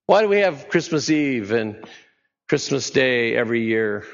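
A man's voice: medium pitch, sing-song, unhurried, vocal fry, long reverb tail, muffled recording. A man preaching a sermon in a conversational way, often putting questions to his listeners. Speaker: pastor.

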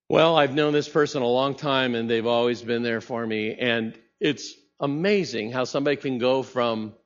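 A man's voice: mid-range voice, a bit bright. A man preaching a sermon as a pastor, talking conversationally and asking the congregation rhetorical questions. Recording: muffled sound in a reverberant hall.

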